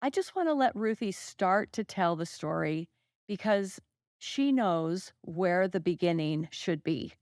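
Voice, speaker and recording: A woman hosting a podcast in a casual interview style, warmly encouraging her guest to begin. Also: fairly low pitch, animated, measured pace, no echo, clean studio sound. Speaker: podcast host.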